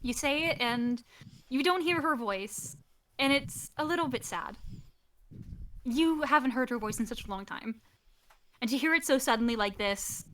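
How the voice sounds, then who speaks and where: High, bright-voiced woman game master. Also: a little hiss or hum. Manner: chatty, hesitant with fillers, laughs often. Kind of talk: narrating a tabletop game. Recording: distant mic, faint music behind.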